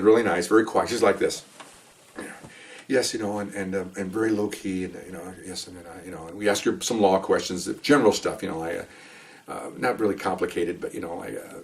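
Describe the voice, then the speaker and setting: An older man, a retired police officer, rattles off stories at a quick clip in a lowish voice. He rambles and acts out the dialogue as he goes. The mic sits a little far from him. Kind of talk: casual storytelling.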